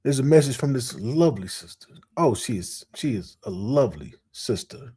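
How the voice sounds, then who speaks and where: A man hosting commentary in a mellow, warm voice. He talks slangy and animated, straight to the audience. His voice sits at an ordinary pitch for a man. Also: normal speed, husky. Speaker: host. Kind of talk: reaction commentary.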